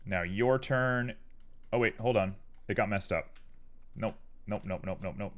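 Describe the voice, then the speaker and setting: A man's voice: on the low side, unhurried, fairly bright tone. A man live-streaming his 3D art work, chatting casually and playfully with viewers while he works. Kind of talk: casual chat while working.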